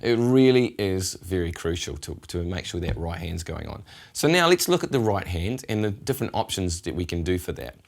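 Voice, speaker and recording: A man's voice: low voice, big pitch swings, a little fast, creaky, hardly any pauses. A middle-aged man giving a casual guitar lesson, patiently explaining and counting out strum rhythms. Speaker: guitar teacher. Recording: loud guitar behind voice. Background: acoustic guitar playing.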